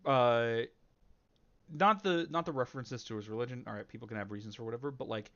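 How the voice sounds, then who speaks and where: A man's voice: medium pitch, fairly quick, fairly bright tone. A man talks through a debate clip in loose, casual commentary. He rambles and restarts sentences, padding his points with fillers. The recording sounds slightly dull and lo-fi. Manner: rambling, many fillers and self-corrections. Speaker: reaction channel host.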